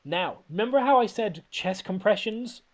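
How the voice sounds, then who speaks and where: A man with a slightly high voice rambles through a movie recap, laughing as he goes. His delivery is animated and casual, full of restarts and incredulous questions. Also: moderate pace. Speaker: podcast host recapping a film.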